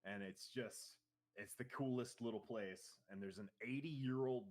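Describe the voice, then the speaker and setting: A man in casual chat, telling an anecdote in a relaxed way. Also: medium pitch, unhurried.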